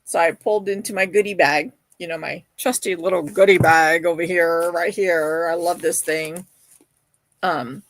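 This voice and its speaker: A woman's voice: lowish voice, a bit bright, no echo. A woman hosting a crochet live stream, chatting casually, reading viewer comments and telling stories with many fillers. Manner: chatty and storytelling, with quoted voices and fillers. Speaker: crochet livestream host. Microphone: streaming setup.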